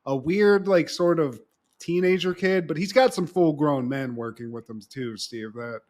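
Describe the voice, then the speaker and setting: A man's voice: on the high side, moderate pace, a little mellow. A man co-hosting a podcast, recapping a TV episode in casual chat, swearing freely and acting out the characters' lines. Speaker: podcast co-host.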